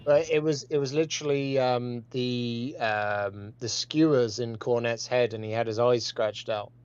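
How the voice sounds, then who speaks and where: A man with a British accent chatting casually as co-host, rambling and halting with many fillers over dull lo-fi call audio. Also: mid-range voice, steady tone, darkish tone, smooth, no room sound, soft background music. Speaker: podcast co-host. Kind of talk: casual group chat.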